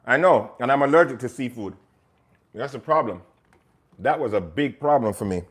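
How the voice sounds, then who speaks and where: A man's voice: medium pitch, expressive, normal speed, breathy edge. A man hosting a live cooking stream, chatting to viewers while he cooks and slipping into patois now and then. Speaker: cooking show host. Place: home kitchen.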